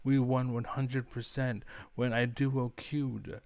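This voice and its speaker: A man's voice: medium pitch, little pitch movement, slow, darkish tone, no room sound, muffled recording. A young man ranting on camera in a rambling, profane, fired-up way. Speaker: online commentator.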